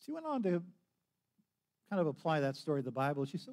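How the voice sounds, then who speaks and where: Lively, conversational male preacher. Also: a little high, fast talker. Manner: conversational storytelling with restarts and acted quotes. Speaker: pastor. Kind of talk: sermon.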